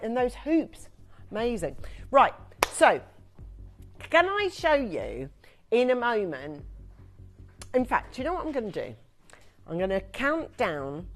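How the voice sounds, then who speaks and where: A woman presenting on a shopping channel, chatty and emphatic in live sales patter. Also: lowish voice. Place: TV studio.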